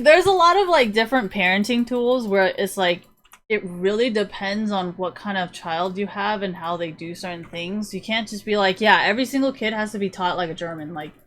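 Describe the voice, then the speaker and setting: A young adult woman livestreaming a casual rant, blunt and profane, full of fillers, acting out the people she quotes. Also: mid-range voice. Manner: animated, acts out quoted kids and parents. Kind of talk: casual ranting chat.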